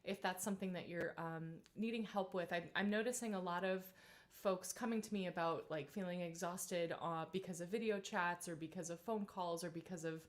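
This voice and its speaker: A woman in her thirties, a vocal coach leading a live-streamed singing warm-up, chatty and encouraging, with many fillers. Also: on the low side, moderate pace.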